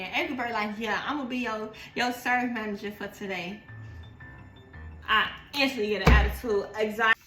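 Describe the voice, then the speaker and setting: Bright-voiced woman telling a profane story. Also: on the high side. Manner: animated, profane, acts out quoted dialogue. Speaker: vlogger. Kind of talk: casual storytime. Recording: echoey room, faint music.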